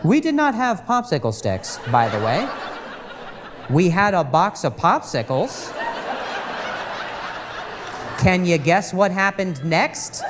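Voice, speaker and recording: Animated male stand-up comic on stage. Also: high-pitched, long reverb tail. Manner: animated storytelling with stutters and acted-out quotes. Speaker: stand-up comedian. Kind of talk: stand-up comedy set. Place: comedy club stage with a laughing audience. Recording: live club audio with audience noise.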